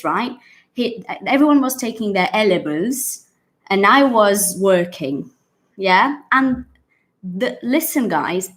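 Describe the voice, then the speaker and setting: Brazilian lady teaching english on a live stream, talks slow and chatty, mid-pitched. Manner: chatty and animated, retells scenes with acted quotes. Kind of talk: casual live online English lesson.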